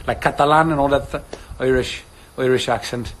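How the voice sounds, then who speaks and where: A man's voice: medium pitch, steady tone, a little fast. A man in his thirties hosting a casual livestream, answering viewer comments in a playful, rambling way and slipping into accents.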